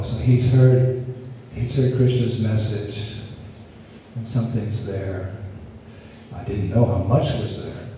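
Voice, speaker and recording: A man giving a scripture lecture at a festival, telling a story in an unhurried, earnest way with quoted dialogue. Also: mid-range voice, dark tone, a little hiss or hum. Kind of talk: storytelling sermon. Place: festival lecture venue, distant mic. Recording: echoey hall, speaker far from mic.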